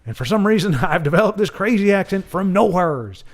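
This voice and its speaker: A man's voice: sits high, expressive, brisk, pitched above the performer's own voice. A man putting on a boastful, twangy voice for a defiant rustic revolutionary leader. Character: blustering rustic George Washington, adult man.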